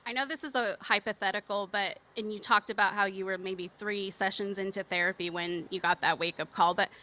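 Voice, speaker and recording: Bright-toned woman interviewer. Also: medium pitch, fairly even intonation. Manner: measured questions with soft affirmations. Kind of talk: onstage interview.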